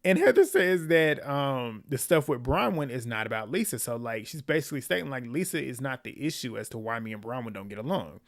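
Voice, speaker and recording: A man's voice: mid-range voice, expressive, fairly quick, hardly any pauses. Chatty opinionated man recapping. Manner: chatty, opinionated retelling with slang and laughs. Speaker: reality TV recap host. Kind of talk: casual episode recap and reaction.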